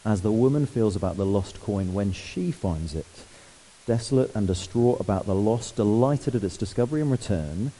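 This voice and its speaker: A man preaching a sermon, lively and conversational, asking the congregation questions. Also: fairly low pitch, moderate pace, slight background noise, rough recording.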